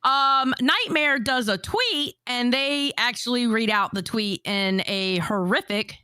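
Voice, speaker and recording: This woman co-hosts a stream, casually recapping clips and keeping the talk moving. Her voice is high and bright. The recording is close and dry. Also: slow pace, clear, resonant tone, dry recording. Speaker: co-host of a commentary stream. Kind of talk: casual chat.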